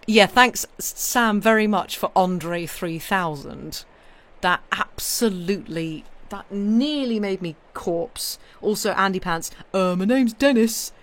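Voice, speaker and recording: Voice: mid-range voice, slow, fairly bright tone. A British streamer in casual live chat, rambling between thoughts. The talk is loose and friendly, full of ums and restarts. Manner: chatty, rambling, with frequent fillers and restarts.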